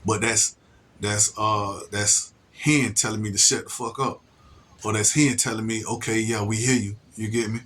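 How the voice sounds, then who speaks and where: A man's voice: fairly low pitch, fairly even intonation, pushed and bright, a little hiss or hum. A man talking in a rambling casual monologue, restarting his sentences, stammering, and often asking whether you get him. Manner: slow, drawn-out emphasis on single words. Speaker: solo video monologue speaker.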